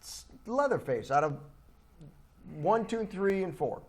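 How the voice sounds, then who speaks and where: A man's voice: high-pitched, sing-song, a little slow. A man co-hosting a movie podcast, arguing his opinions bluntly in casual chat. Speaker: podcast co-host.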